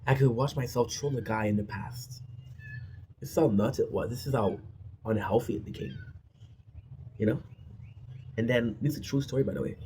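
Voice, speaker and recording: Speaking warmly at a moderate pace with long pauses, a native French-speaking man records a confessional vlog himself, frequently adding "right?". His voice is medium-pitched, and the poor audio carries faint background noise.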